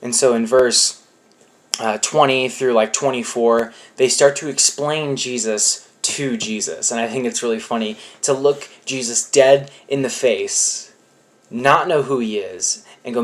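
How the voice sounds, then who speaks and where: A man's voice: medium pitch, a little slow. A young man giving a casual youth sermon, talking conversationally and acting out quotes in playful voices. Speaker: youth pastor.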